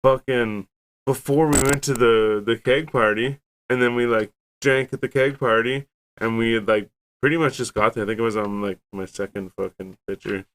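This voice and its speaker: A man telling a rambling, profane story in a casual podcast chat, getting animated when he quotes himself. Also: mid-range voice, moderate pace. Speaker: guest.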